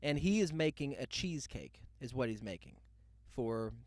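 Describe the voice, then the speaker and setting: A man's voice: medium pitch, expressive, normal speed, no room sound, clean studio sound. A young man hosting a podcast, telling a loose comic story full of asides and mock quotes. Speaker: podcast host. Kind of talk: rambling comedic monologue.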